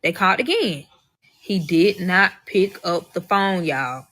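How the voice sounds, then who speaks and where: Bright-voiced young woman telling a wild story. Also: on the low side, measured pace. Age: young adult. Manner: profane, emphatic, animated, acts out quotes. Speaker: storyteller in a social media clip. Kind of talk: casual storytelling to viewers.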